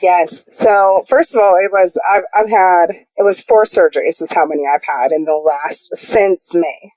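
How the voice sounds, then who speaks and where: A young woman speaks candidly and quickly as she tells her own story, jumping in pitch when she acts out what others said. Her voice is low and mellow, and the recording is dry and close. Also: no echo, low-quality recording. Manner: animated, quick storyteller acting out quotes. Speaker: guest.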